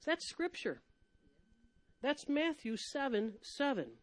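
Lively, emphatic woman preaching a sermon. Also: sits high, takes it slowly, no room sound. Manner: lively and emphatic, laughing often, swinging between loud and soft.

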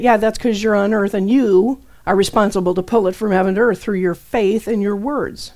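A middle-aged woman preaching a fervent, folksy sermon that swings between loud declarations and hushed asides. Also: medium pitch, fairly even intonation, normal speed, few pauses.

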